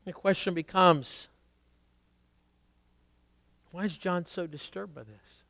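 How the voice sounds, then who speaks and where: A man preaching a sermon, rising to strong emphasis and dropping to quiet asides. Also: high voice, takes it slowly, vocal fry, dry recording. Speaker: pastor.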